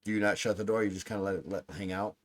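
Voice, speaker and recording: A man's voice: fairly low pitch, fairly even intonation, rapid-fire. A man narrating as game master of a tabletop game, in a casual, rambling way.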